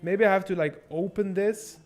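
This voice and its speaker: A young man streaming a strategy game, swearing and thinking out loud as he plans and shops. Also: sits high, moderate pace, faint music behind. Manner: profane, rambling, thinks out loud. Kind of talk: casual gameplay livestream commentary.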